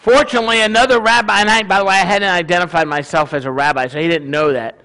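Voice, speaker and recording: A man, a rabbi, giving a sermon in a conversational, animated storytelling way. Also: high-pitched, fast talker.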